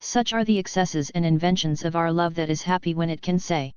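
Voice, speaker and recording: A woman giving a slow, measured devotional reading in an even recitation. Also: lowish voice, clear, resonant tone, dry recording. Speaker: reader of devotional writings. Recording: dull lo-fi dry recording.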